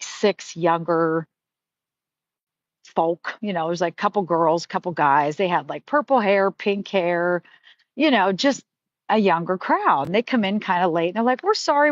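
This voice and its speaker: A middle-aged woman with a lowish voice tells stories on a casual live stream, chatty and heartfelt and full of fillers. The stream audio is dry and slightly muffled, with no room sound.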